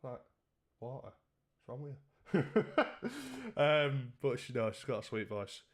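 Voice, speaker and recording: A man's voice: mid-range voice, unhurried. A man chatting casually and jokingly with his live-stream chat, swearing freely.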